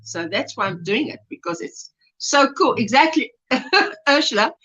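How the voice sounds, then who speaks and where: A woman's voice: high-pitched, lively intonation, measured pace, pushed and bright. A woman hosting a casual crochet livestream, chatting and laughing often as she reads out viewer comments. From South Africa. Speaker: livestream host. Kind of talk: casual chat while crocheting live. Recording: lo-fi livestream audio.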